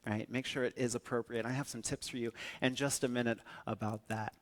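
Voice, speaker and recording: A man delivering a keynote talk in a mid-pitched voice. He tells his stories with animation and acts out the quotes along the way. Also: fairly quick. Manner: animated storytelling with acted-out quotes. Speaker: public speaker.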